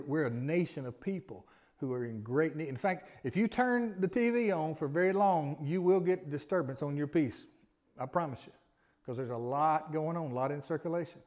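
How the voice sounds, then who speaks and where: A man's voice: fairly high pitch, darkish tone. A middle-aged man preaching a sermon in a folksy, conversational way, drawing responses from the congregation. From Alabama, US. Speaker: pastor.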